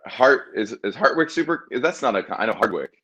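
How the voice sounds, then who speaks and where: A man's voice: mid-range voice, animated, brisk, a bit bright. A man from the American South, a comedian guest in a casual video-call interview, with dry, playful humor.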